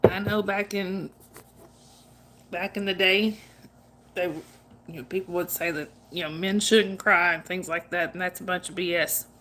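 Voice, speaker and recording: Hosting a casual livestream, a woman reads viewer comments, chats with people by name, comforts them, and laughs often. Her voice is lowish and a bit bright, with a steady tone, normal speed, and frequent pauses.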